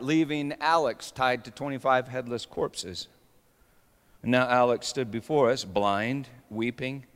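A man preaching a sermon with dramatic swings between hushed storytelling and sudden shouts. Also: medium pitch. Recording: long reverb of a large hall.

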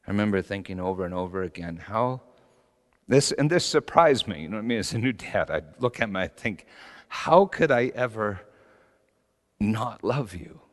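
Middle-aged man, pastor, sermon, animated, swings from soft to shouting, echoing hall. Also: fairly low pitch, fairly quick. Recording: long hall reverb.

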